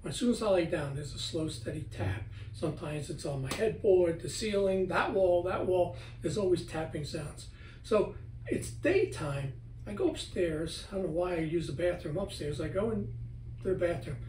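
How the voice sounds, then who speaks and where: A man's voice: fairly high pitch, moderate pace, slight background noise. A middle-aged man, a guest author talking at home in a casual interview, animatedly telling stories and acting out what he said. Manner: animated storyteller, acts out his own words. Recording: roomy, from a distance, faint ambience.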